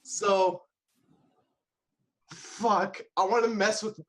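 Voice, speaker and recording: A man playing a tabletop game, excited and scheming, thinking aloud about his next move. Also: high voice, drawn-out words. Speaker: player. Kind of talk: casual tabletop play.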